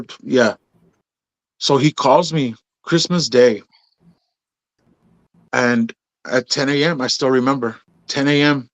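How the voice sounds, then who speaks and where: On an interview show, a man of medium pitch, himself a podcast host, casually relates his own story as a guest. He's relaxed, sprinkling in "bro" and "man" and performing the lines of dialogue he quotes, in a dry recording.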